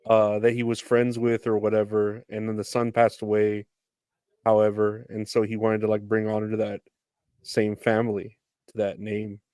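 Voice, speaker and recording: A man's voice: on the low side, monotone, normal speed, mellow, no echo, studio quality. A man co-hosting a podcast, talking loosely about a movie and laughing often. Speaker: podcast co-host. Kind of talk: casual movie chat.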